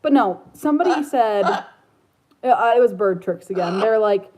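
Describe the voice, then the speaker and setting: A woman's voice: mid-range voice, animated, moderate pace, a little mellow, low-quality recording. A woman chatting casually about her pet parrot, rambling and slipping into baby talk with the bird. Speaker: parrot owner vlogger. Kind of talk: casual chat.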